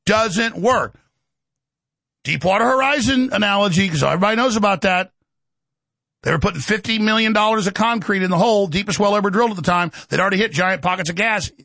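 A man hosting a talk show, ranting sarcastically with shouted bursts. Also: sits high, brisk, no echo. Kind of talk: ranting monologue.

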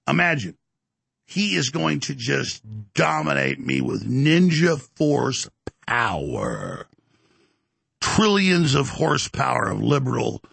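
A man's voice: on the high side, creaky, fairly bright tone, no room sound. An older man hosting a show, ranting in a bombastic, taunting way and issuing challenges. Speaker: host. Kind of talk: heated on-air rant.

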